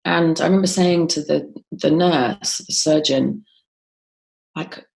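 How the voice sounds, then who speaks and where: Low, gravelly-voiced woman. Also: steady tone, slow pace, darkish tone. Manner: frequent ums and restarts, quoting others as she tells it. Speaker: guest. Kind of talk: conversational interview storytelling.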